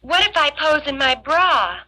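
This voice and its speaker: A woman's voice: high-pitched, sing-song, moderate pace, bright, forceful tone, no echo, exaggerated voice, low-quality recording. An actress playing a naive, pleading teenage girl in a 1960s film, with a timid, tearful manner. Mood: hesitant.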